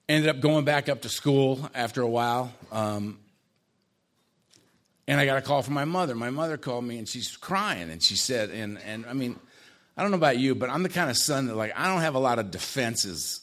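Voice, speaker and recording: A man telling his own life story in a casual, conversational way, with dark humor and frequent tag questions. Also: medium pitch, expressive, moderate pace. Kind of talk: personal testimony talk.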